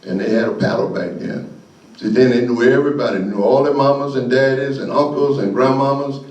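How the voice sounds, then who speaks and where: An older man, a guest speaker telling folksy stories, animated and often laughing. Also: medium pitch, a little fast, distant mic. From Florida, USA. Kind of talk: storytelling speech. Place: meeting hall. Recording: echoey room, voice from afar.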